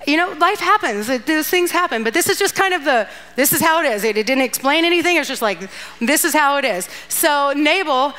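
A woman's voice: high-pitched, animated, a little fast, bright, forceful tone. A woman giving a casual, playful sermon, retelling a Bible story with asides and acted-out lines. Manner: chatty and playful, acting out characters with asides and laughs. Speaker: guest speaker at a church youth event.

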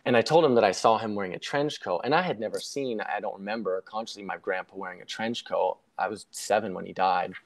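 A young man telling a personal story in a casual interview, reflective and rambling, often correcting himself mid-sentence. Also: fairly low pitch. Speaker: guest sharing a near-death story.

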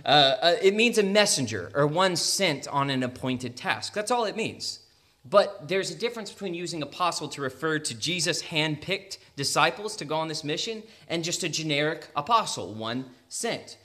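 A young man with an American accent giving a conversational sermon, laughing often and making quick asides. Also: a little high, sharp tone. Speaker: preacher.

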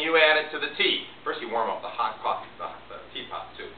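A man's voice: mid-range voice, lively intonation, fast, hardly any pauses. Guy lecturing a class, chatty, asks the crowd questions, thin tinny sound, roomy echo. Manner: chatty, quizzes the audience. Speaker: science teacher. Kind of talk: classroom demonstration talk. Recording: echoey room, distant thin mic, faint hiss.

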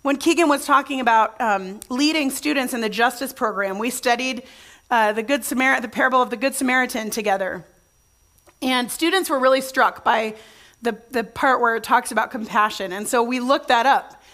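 A woman with a somewhat high, slightly bright voice speaks at a moderate pace. She's a pastor delivering a conversational sermon, telling stories full of restarts and putting questions directly to her congregation.

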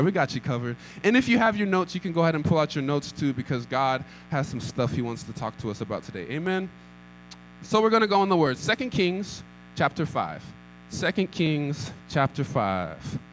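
A man's voice: high voice, lively intonation, fairly quick, fairly bright tone, faint music behind, poor audio. A young man preaching a sermon, repeating lines and calling for responses. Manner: acts out scripture with rising intensity. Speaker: pastor.

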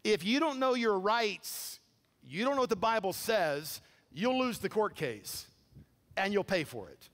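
A man preaching a sermon, telling a story with animated, incredulous quoted dialogue. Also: high voice, measured pace. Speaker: pastor. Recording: long hall reverb.

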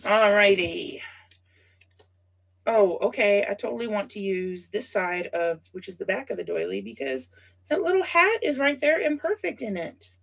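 A woman's voice: mid-range voice, lively intonation, moderate pace, creaky, slightly rough. A woman hosting a casual scrapbooking livestream, chatting with viewers by name and thinking aloud as she works. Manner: chatty, talks to viewers by name while working; thinks aloud with frequent asides. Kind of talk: casual livestream chat while crafting.

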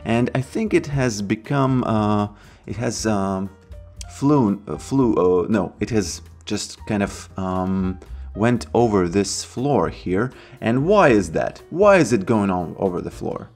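A man talking through a software tutorial step by step, chatty and pleased with his own results. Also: on the low side, expressive, slow pace, soft background music. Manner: chatty, self-approving asides; put-on Russian accent in part. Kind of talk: screen-recorded software tutorial.

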